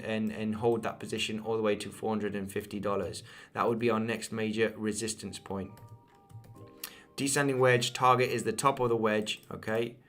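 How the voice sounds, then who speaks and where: A man's voice: mid-range voice, fairly bright tone. A young man from Spain with an English accent picked up from his mother, hosting a live crypto chart stream and answering chat with many fillers and restarts. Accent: English, picked up from an Isle of Man mother. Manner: repetitive, many fillers and restarts, addresses viewers as guys. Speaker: crypto livestream host.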